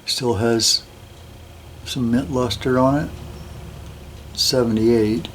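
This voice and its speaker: An older man showing his coin collection in a slow, relaxed, admiring way, with many fillers. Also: medium pitch, a little hiss or hum. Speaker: metal detecting hobbyist host. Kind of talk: casual show-and-tell of a coin collection.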